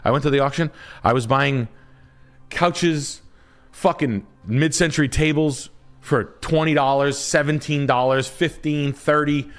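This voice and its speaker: Profane rambling man telling a story. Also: medium pitch. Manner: profane, rambling, acts out other voices. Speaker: storyteller on a talk show. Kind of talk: casual rambling anecdote.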